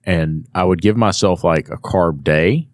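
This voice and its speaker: Deep-voiced man telling a story. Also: a little slow, no room sound, clean studio sound. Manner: animated storyteller acting out quotes. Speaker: podcast guest. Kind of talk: casual storytelling.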